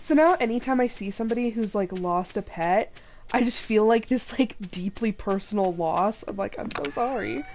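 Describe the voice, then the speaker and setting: A woman's voice: mid-range voice, normal speed, a little mellow, slight background noise. A young woman streaming a farming game, chatting casually and rambling through a story with many fillers and restarts, emotionally drained. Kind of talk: casual live-stream chat while playing. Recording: game music behind voice.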